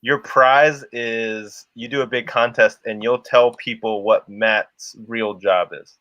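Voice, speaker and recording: A man's voice: medium pitch, fairly even intonation, slow, sharp tone, dry recording, highs cut off. A man co-hosting a casual livestream, rambling and laughing as he talks to the chat. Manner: rambling, laughs often, restarts a lot. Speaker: livestream co-host.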